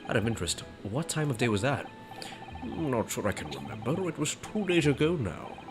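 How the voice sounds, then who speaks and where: A man's voice: medium pitch, very animated, moderate pace, natural voice. A man doing a pompous old British army man. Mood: blustering. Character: blustering older British retired army man. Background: game music.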